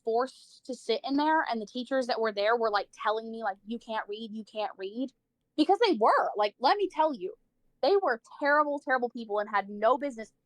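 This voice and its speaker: A woman's voice: a little high, lively intonation, brisk, no room sound. A woman livestreamer telling a personal story in casual chat, saying "like" a lot, swearing freely and acting out the people she quotes.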